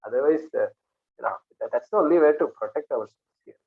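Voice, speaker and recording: A man's voice: medium pitch, lively intonation, quick pace, vocal fry. A man teaching an informal class, talking conversationally and acting out little dialogues with jokes. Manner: conversational, jokey, acts out dialogues. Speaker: Vedanta teacher. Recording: tinny phone-like audio.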